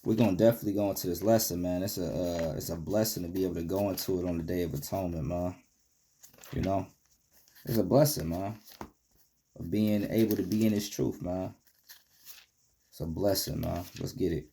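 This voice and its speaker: A man teaching a Bible lesson in casual street slang, reading verses aloud and ending many phrases with "man," shifting from loud rebukes to low, quiet asides. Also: steady tone, fairly quick, gravelly, pauses often, slight background noise. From United States.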